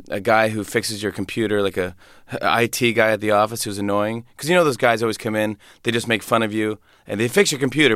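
A man's voice: on the low side, no room sound, studio quality. A man, a comedian and guest, telling stories animatedly with frequent stammers and restarts. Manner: animated, stammering storyteller who breaks into voices. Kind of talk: casual anecdote in an interview.

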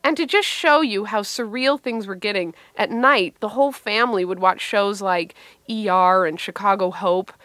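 A middle-aged woman comedian telling a wry, animated story from her life and answering interview questions. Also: mid-range voice, moderate pace, no echo.

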